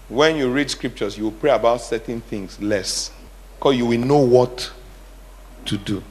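A middle-aged male pastor preaches a sermon in an unhurried, mid-range voice. He puts questions to the congregation in a call-and-response style, building up to emphatic, repeated phrases.

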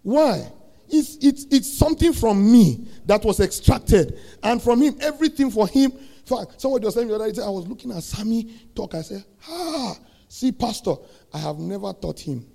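A middle-aged man preaching a sermon, asking the congregation questions and building to shouted peaks. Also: very high voice, lively intonation, brisk, vocal fry. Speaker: pastor.

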